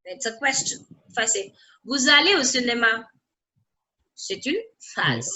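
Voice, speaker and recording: A woman with a high, bright voice teaches a French class. She explains patiently and says each example sentence twice. She keeps stopping to ask whether the students understand. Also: very animated, unhurried, pauses often, low-quality recording. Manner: checks often that students follow. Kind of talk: online language lesson.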